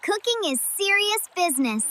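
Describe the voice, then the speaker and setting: A woman's voice: extremely high pitch, sing-song, normal speed, pushed and bright, exaggerated voice. A woman voicing a cheerful little cartoon cat cook who talks in short, simple phrases and meows often. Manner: sing-song, simple short phrases, meows between lines. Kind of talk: cartoon character narration. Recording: music playing underneath. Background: cartoon music.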